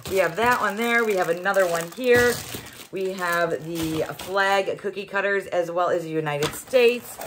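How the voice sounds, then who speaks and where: Middle-aged lady doing a chatty unboxing vlog, lowish voice, faint hiss behind. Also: a little slow. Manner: chatty, exclaiming, thinking aloud. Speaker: host. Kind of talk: casual unboxing review vlog.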